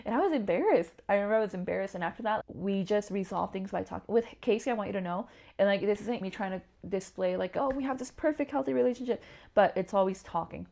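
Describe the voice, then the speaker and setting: A young woman speaks as an interview guest, her voice carrying a gravelly edge. She tells personal stories with animation and acts out the voices of the people in them. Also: medium pitch, fast talker, a little mellow. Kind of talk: candid personal storytelling in an interview.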